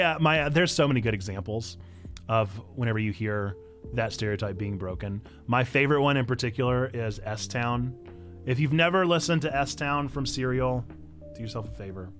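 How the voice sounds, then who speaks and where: A pastor from Illinois with a Northern Illinois accent, chatting casually on a livestream and answering chat in a playful, self-mocking way. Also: male voice, mid-range voice, fairly bright tone. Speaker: pastor and streamer.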